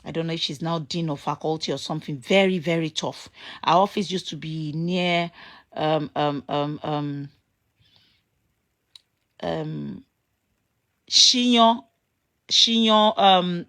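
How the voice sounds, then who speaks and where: A woman with a Nigerian accent talking casually to viewers, rambling as she reminisces and searching aloud for names. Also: fairly low pitch. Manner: grows loud and excited when a memory comes back.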